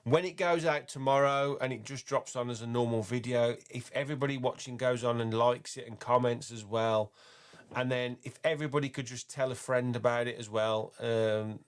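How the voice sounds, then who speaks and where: A man's voice: medium pitch, steady tone, normal speed, clear, resonant tone. Friendly English man hosting a phone-in. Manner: friendly, teasing, enthusiastic. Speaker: host.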